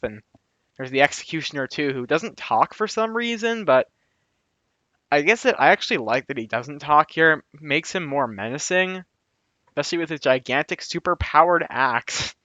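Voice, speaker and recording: A man of middling pitch talks through a show review in a loose, opinionated way, dropping asides and fixing his own words as he goes. The recording is muffled and lo-fi, with a dry sound and no room around it. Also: a bit bright, no echo. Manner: chatty and opinionated, with asides and self-corrections. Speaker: video reviewer. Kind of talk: casual commentary monologue.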